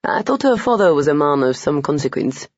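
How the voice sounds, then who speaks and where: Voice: mid-range voice, big pitch swings, brisk, darkish tone, no room sound, muffled recording. An audiobook narrator voicing a brooding, protective aristocratic man who bursts into agitated questions. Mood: tense.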